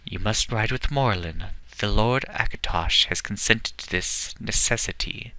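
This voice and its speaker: Imperious male elf archmage, put on by a narrator; low and bright-toned. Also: measured pace, no echo. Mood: commanding. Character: stern proud elf mage, male, imperious.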